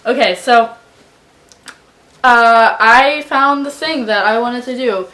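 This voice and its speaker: A young woman hosting her own channel, chatting casually and rambling with a friend at home, breaking into loud laughs. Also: fairly high pitch, slow pace. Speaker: channel host. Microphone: camera on tripod.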